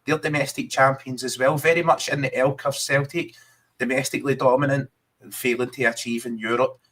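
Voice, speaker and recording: A Scottish man talks football in a loose, chatty way, tossing in "mate" as he goes. His voice sits at an ordinary middle pitch. It suits a relaxed podcast chat between fans. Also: a little fast. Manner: chatty, keeps saying mate. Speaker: podcast co-host.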